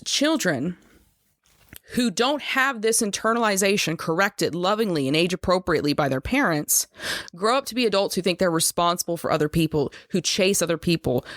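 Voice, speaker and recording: A woman's voice: lowish voice, no room sound, clean studio sound. A woman hosting a solo podcast, explaining earnestly and talking straight to her listeners. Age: adult over 25. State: choked up at moments. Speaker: podcast host.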